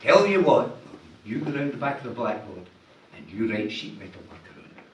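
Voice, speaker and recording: A man with a Scottish accent voicing a stern woman schoolteacher who quizzes her pupils with sharp questions. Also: medium pitch, big pitch swings, fairly quick, a little hiss or hum, natural voice. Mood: bossy. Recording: echoey hall from far off.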